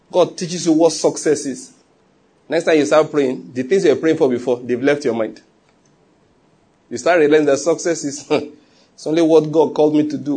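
A man preaching a sermon in an animated way, full of laughing asides and acted-out quotes. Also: fairly high pitch, slightly rough.

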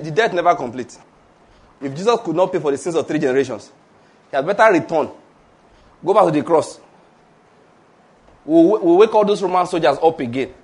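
High-voiced, animated preacher man. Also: husky. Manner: animated and playful, laughs often, leads the audience in repeated phrases. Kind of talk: sermon.

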